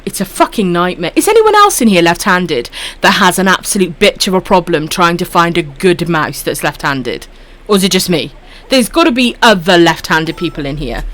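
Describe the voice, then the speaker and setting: A woman's voice: fairly low pitch, a bit bright. A woman with a Welsh accent chatting casually on a live stream while gaming, swearing freely and calling viewers love and sweetheart. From Wales.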